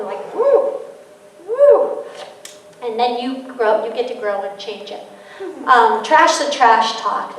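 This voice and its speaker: A woman's voice: fairly high pitch, slight background noise. Woman lecturing in an echoey hall. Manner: lively storytelling, acts out quotes. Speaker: parenting author giving a talk. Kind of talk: public lecture. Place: large hall with audience. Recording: echoey hall, distant mic.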